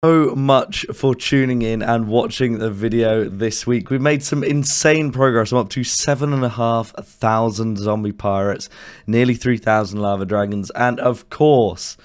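A young man with a hoarse, worn voice, commenting excitedly on his own gameplay and cursing at his bad luck. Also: medium pitch, measured pace. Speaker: gaming video creator.

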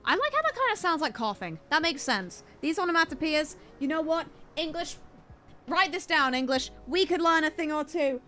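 Playful, high-voiced woman streamer. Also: sing-song, moderate pace, pushed and bright, soft background music. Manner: playful, jokey, chatty, laughs often. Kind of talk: casual game-stream commentary.

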